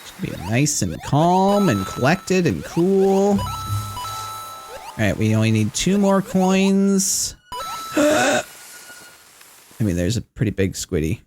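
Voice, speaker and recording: An excitable man streams a game live, talking to his chat and swearing freely. His pitch leaps all over the place in a lively, bouncy delivery. Game music plays clearly behind him. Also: slow pace, long pauses. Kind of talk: live gameplay commentary.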